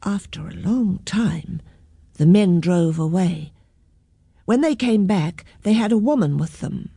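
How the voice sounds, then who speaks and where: A woman reading a children's picture book aloud in a gentle, clear storytelling manner. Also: lowish voice, very animated, a little slow, no echo, studio quality.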